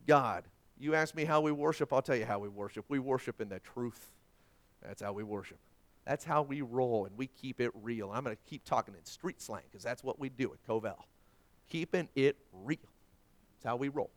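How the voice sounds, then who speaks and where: A middle-aged man preaching a sermon as pastor, swinging between hushed lines and loud, dynamic delivery. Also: mid-range voice, moderate pace.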